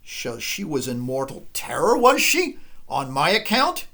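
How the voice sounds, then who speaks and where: A wounded young writer speaks low and bitter, his words sharp with sarcasm, as a man reads him aloud. Under the mockery there is hurt. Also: huge pitch swings, unhurried, heavily acted.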